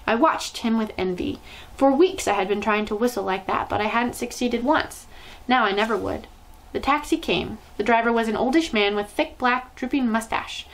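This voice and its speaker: A woman storyteller reading a children's novel aloud in an expressive, lively way. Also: fairly high pitch, normal speed, low-quality recording.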